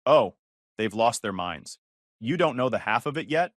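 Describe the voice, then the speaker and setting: A loyal young girlfriend, supportive and a touch higher than the narrator. A man reads her lines in a dry, close recording. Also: expressive, moderate pace, a bit bright, no room sound.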